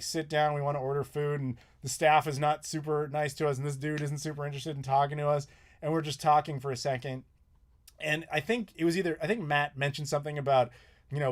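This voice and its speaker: An American man hosting a live Q&A, telling travel stories in a casual, animated way and acting out what people said. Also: on the high side. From United States. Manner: animated, chatty, quotes people in his stories. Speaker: YouTuber host.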